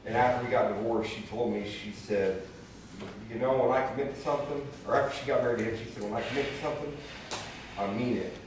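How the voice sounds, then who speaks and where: A man candidly sharing his personal story in a group, blunt and a little halting. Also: mid-range voice. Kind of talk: personal testimony. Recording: echoey room from far off with hiss.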